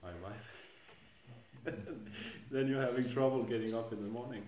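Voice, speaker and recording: A man's voice: medium pitch, steady tone, takes it slowly, darkish tone, slight background noise. A middle-aged man giving an informal scripture class in a temple hall, speaking hesitantly and chuckling at his own jokes. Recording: echoey room.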